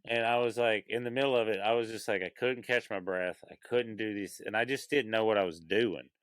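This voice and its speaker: A man's voice: fairly low pitch, steady tone, a little fast, a bit bright, dry recording. A man casually telling a funny story on a podcast, swearing and acting out the voices of the people he quotes. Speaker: comedian guest.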